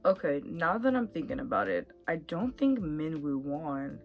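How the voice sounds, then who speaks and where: A young woman chatting casually to camera about a reality dating show, getting animated and worked up as she talks. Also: low voice, moderate pace, soft background music. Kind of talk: casual chat.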